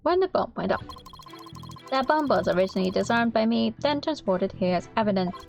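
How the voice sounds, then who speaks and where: A woman's voice: fairly high pitch, brisk, vocal fry, faint music behind. A woman doing a clipped robotic bomb expert. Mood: deadpan. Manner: clipped, flat, word-by-word delivery. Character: stiff male robotic-voiced bomb expert.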